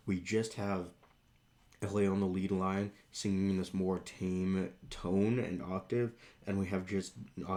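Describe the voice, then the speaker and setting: A man reacting to a song and explaining music terms, counting beats aloud and singing snippets in a rough morning voice. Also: sits low, a little mellow. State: morning voice, rough on high notes. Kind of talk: casual reaction and music analysis.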